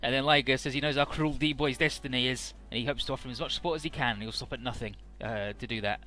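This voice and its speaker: A man's voice: mid-range voice, bright, forceful tone. A man hosting a casual game playthrough, recapping the story and swearing casually. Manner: paraphrases dialogue in quick put-on snippets. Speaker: let's-play host.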